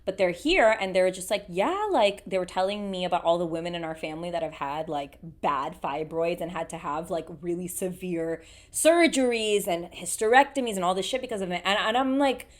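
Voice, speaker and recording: A woman's voice: lowish voice, a little fast, hardly any pauses. A woman in her thirties co-hosting a podcast from a home studio, chatting casually, laughing often and swearing freely. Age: 30s. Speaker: podcast co-host. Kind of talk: casual chat.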